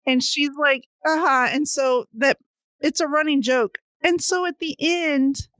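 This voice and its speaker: A woman co-hosting a casual podcast chat, her voice sitting high and sounding dry and close. She retells scenes with excitement and slips into the characters' voices as she goes. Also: unhurried, no room sound. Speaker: podcast co-host.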